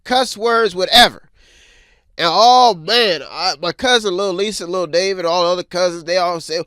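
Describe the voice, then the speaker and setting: Guy hosting a news chat show, bright lively voice, dry close sound, tells stories animated. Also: high voice, normal speed, clear, resonant tone, dry recording. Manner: animated storytelling, acts out voices. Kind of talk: casual news commentary.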